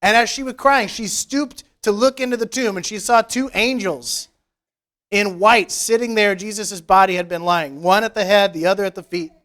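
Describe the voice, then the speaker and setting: Man, high voice, pastor, relaxed church sermon, joking asides. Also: normal speed. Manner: casual, joking asides while retelling scripture. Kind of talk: conversational Easter sermon. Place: church service.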